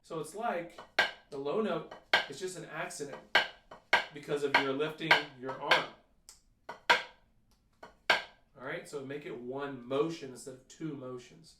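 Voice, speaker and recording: A man's voice: fairly high pitch, unhurried, pauses often, heavy background noise. A man teaching drum technique, counting beats aloud and calling out stickings. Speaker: percussion teacher. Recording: echoey room, mic at a distance, loud drumming.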